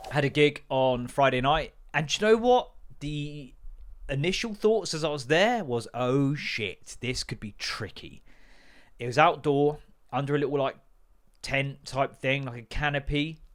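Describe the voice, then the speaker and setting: Sweary rambling comedian. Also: male voice, a little high, animated, moderate pace, fairly bright tone. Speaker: podcast host and stand-up comedian. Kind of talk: casual comic rant.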